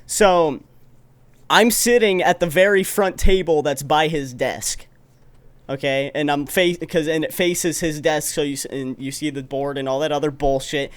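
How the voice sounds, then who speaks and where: A man's voice: a little high, a little slow, smooth. A young man co-hosting a podcast on a voice call, telling a rambling, profane story with many restarts. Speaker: podcast co-host. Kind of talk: casual chat on a call.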